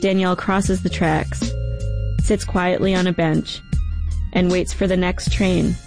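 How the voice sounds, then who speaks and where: A narrator telling a first-person story in a reflective, measured way. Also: medium pitch, fairly even intonation, creaky, music in the background.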